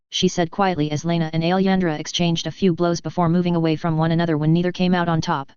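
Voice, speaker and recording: A woman reads a first-person story in an even, measured way. Her voice is low and very smooth, and the recording is dry and a little dull. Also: dry recording. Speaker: audiobook reader.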